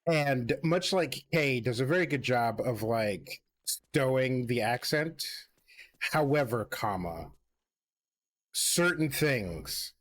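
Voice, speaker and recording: A man co-hosting a game stream, chatting casually and muttering to himself as he plays. He talks at an ordinary middle pitch. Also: expressive, takes it slowly, a bit bright, a little hiss or hum. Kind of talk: casual chat while playing.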